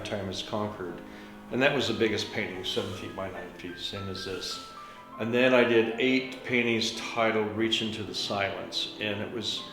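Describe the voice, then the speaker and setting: A man, a painter, talking about his work in an unhurried storytelling way, with trailing fillers. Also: lowish voice. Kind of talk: reflective studio talk. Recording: echoey room with soft music.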